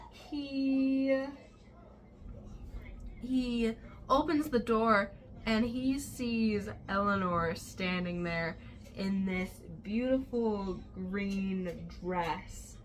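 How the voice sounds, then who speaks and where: A woman's voice: medium pitch, a bit bright, a little hiss or hum. A woman recapping a novel in a chatty, rambling way, with many fillers. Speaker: book vlogger. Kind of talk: casual book recap.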